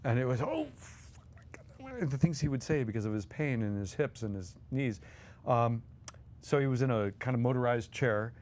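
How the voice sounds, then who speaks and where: Animated man telling stories. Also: medium pitch, brisk. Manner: animated, chuckles while telling stories, acts out voices. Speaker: guest co-host. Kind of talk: anecdotal storytelling on a podcast.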